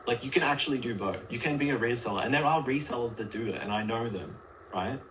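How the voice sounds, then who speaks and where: A man's voice: medium pitch, fast talker, fairly bright tone, slight background noise, poor audio. A man speaking as a guest on a livestream, arguing earnestly and rambling with many filler words. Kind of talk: casual debate on a livestream.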